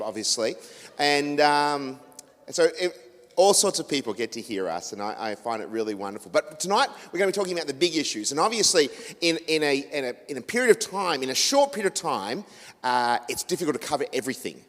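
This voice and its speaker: A man's voice: fairly high pitch, big pitch swings, a little fast, fairly bright tone. Chatty Australian man in a reverberant hall. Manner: chatty, rambling, many restarts and fillers. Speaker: radio host and guest speaker. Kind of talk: casual talk to a church audience. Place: church hall.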